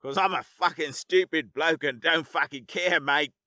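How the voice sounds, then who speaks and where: A man's voice: on the high side, normal speed, bright, forceful tone, no echo, clean studio sound. A man voicing a laid-back, crude Australian human spacer in an audio story, with an Australian accent and slangy, swearing talk. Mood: relaxed. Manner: easygoing, slangy, swears casually.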